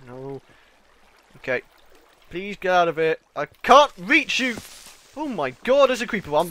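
Excitable British man, high bright voice. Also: moderate pace, long pauses, no echo. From Britain. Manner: excitable, yells and pleads at game mobs; jokey running chatter with game creatures. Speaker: gaming channel host. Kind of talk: let's-play game commentary.

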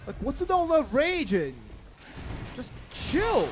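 A young man plays through a brutal game blind and narrates it live, cursing, yelling and grumbling to himself. His voice sits high and swings widely, leaping up when he is caught off guard, while his delivery stays slow and drawn out. Faint game sounds run underneath. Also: wildly swooping pitch, slight background noise. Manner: swearing, yelling at enemies, sudden pitch jumps. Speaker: gaming channel host. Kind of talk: blind let's play commentary.

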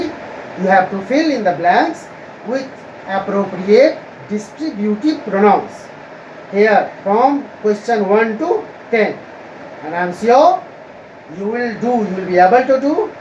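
A woman teaching a grammar lesson to students, explaining slowly and repeating herself. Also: mid-range voice, darkish tone, highs cut off. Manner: slow, repetitive explaining to students. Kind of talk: recorded online grammar lesson. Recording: echoey room with faint ambient noise.

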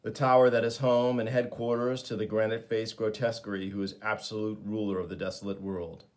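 Male comics reviewer, casual and eager, lower voice. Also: flat delivery, fairly quick. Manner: enthusiastic, with frequent fillers.

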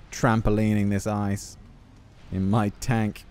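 A man giving jokey, self-mocking gameplay commentary with quick asides. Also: fairly high pitch, very animated. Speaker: gaming YouTuber.

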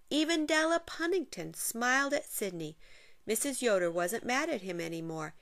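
A woman's voice: mid-range voice, fairly bright tone. A woman reading a children's picture book aloud, expressively, with playful sound effects. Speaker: narrator.

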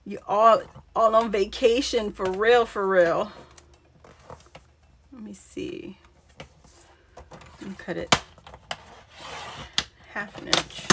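A woman's voice: medium pitch, very slow, long pauses, breathy edge. Chatty woman crafting on camera. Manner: chatty, laughs often, greets viewers by name. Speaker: crafting channel host. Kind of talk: casual chat while crafting live.

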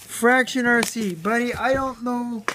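A woman recording an unboxing vlog for her hobby. She gushes in slangy, excited speech, swears now and then, and stammers over her words. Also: fairly high pitch, unhurried, noisy background. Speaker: RC hobby vlogger.

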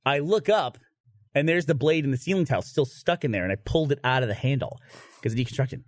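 Lebhafter Mann erzählt fluchend eine Anekdote. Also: male voice, medium pitch, quick pace, no room sound, clean studio sound. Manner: animated, swears, laughs through his own story. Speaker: podcast host telling a story. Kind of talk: casual storytelling chat.

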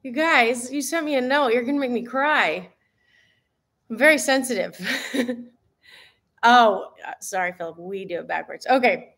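Woman, fitness coach, live stream chat, bubbly, giggly, slightly high voice. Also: moderate pace, long pauses, fairly bright tone.

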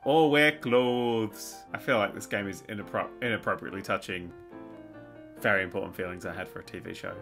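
A man's voice: fairly low pitch, brisk, music in the background. A man playing a video game, sarcastic and sweary, mocking the game and humming its tunes. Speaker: gaming YouTuber. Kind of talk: swearing, sarcastic let's play commentary.

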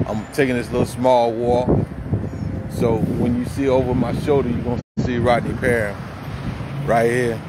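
A man's voice: mid-range voice, little pitch movement, normal speed, very noisy. A man vlogging outdoors by a busy street corner on a handheld phone, talking in heavy street slang and slipping into a profane, heated rant. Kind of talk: casual walking vlog turning into a rant. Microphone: handheld phone camera.

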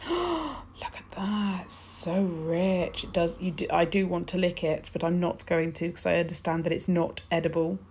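A woman's voice: fairly low pitch, little pitch movement, moderate pace, few pauses, a little mellow, a little hiss or hum. A British woman chatting casually through a nail polish tutorial, gushing with little exclamations as she goes. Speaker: nail technician demonstrating polish swatches.

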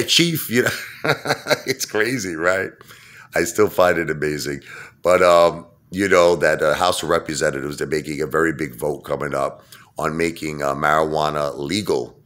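A man's voice: extremely low pitch, fairly bright tone. A man rambling casually to camera about stocks, chatty with lots of fillers and restarts. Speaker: stock market vlogger.

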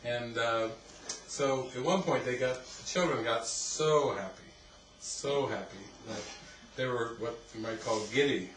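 Man, spiritual teacher type, rambling animated storyteller; distant mic, echoey hall. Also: medium pitch, measured pace. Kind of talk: casual storytelling talk. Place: retreat hall. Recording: roomy, distant, noisy ambience.

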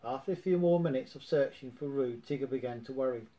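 A man reading a children's storybook aloud in a gentle, expressive way. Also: mid-range voice, fast talker, low-quality recording.

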